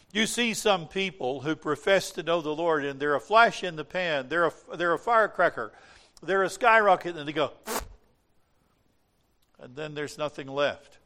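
A man preaching a sermon, swinging between hushed, slow reflection and loud, dramatic cries. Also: on the high side.

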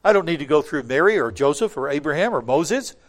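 A man delivers a sermon in a somewhat high voice. He drives his points home by repeating phrases, building to loud, pressing peaks before dropping to a low, quiet tone. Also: expressive, brisk. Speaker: preacher.

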